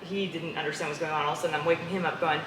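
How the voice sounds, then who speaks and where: Interview guest: woman with a low-pitched voice, animated storyteller, recorded in an echoey noisy room. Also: racing. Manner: animated storyteller, laughs often. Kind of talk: casual interview conversation. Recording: echoey room with clear background noise.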